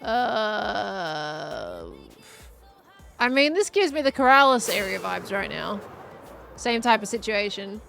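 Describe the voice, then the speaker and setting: A woman's voice: fairly high pitch, expressive, normal speed, creaky, sharp tone, soft background music. A woman chatting casually with her live chat while she plays, thinking aloud as she goes. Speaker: streamer.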